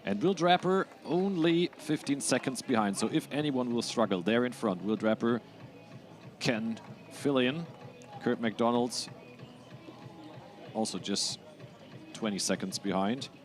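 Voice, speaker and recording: A man's voice: mid-range voice, measured pace, long pauses, soft background music. A man co-commentating a live race in a casual, plain-spoken way.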